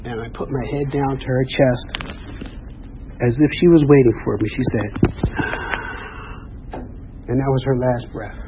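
Man sharing his recovery story, earnest testimony, mid-pitched voice, dull lo-fi sound with faint hiss. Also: fairly even intonation, moderate pace. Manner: earnest storytelling, acts out quoted dialogue. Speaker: recovery meeting speaker. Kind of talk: personal testimony.

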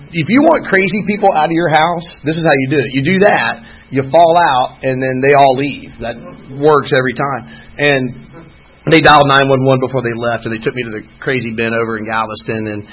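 A man of medium pitch, speaking a little fast with a bit of brightness and a breathy edge, recounts his own recovery at a meeting. His sharing is rambling and candid, laced with wry humor, and the recording is muffled and lo-fi.

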